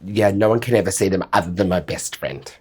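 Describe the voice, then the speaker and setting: A man with an Australian accent co-hosting a podcast, swearing and telling stories with shouted impressions. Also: sits low, fast talker, slightly rough. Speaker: podcast co-host. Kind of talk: casual banter.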